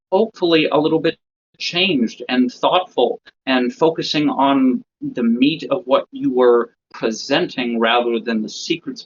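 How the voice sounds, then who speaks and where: A man's voice: medium pitch, a little hiss or hum. Man teaching a magic routine. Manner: explains step by step, checks in with "okay?". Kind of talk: instructional lecture. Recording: slightly dull lo-fi recording.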